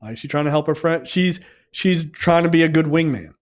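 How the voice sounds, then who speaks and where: A man with a fairly high voice talks through a film's plot as a podcast co-host. His manner is loose and profane, full of "like" and restarts. He pops into squeaky voices whenever he quotes someone. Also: a little fast. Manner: animated, jumps into high voices for characters; profane, filler-heavy storytelling. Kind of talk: casual plot recap.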